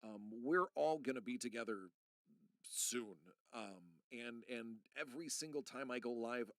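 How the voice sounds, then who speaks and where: Middle-aged man, gravelly, rambling and earnest live-stream host, dry close sound. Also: mid-range voice, a little slow, a bit bright, dry recording. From United States. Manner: rambling and earnest, talking straight to chat. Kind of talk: casual live-stream chat.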